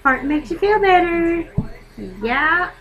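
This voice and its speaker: Teen girl, webcam vlog at home, high-pitched, hyper and rambling. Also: slow pace, fairly bright tone, highs cut off. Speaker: vlogger. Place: dark bedroom at home.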